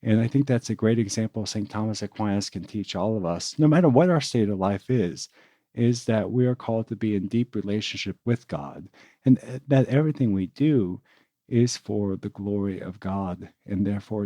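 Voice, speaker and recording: Earnest priest, warm low voice. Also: male voice, no room sound. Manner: earnest, reflective, with repeated words. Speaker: priest and podcast co-host. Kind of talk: casual podcast chat.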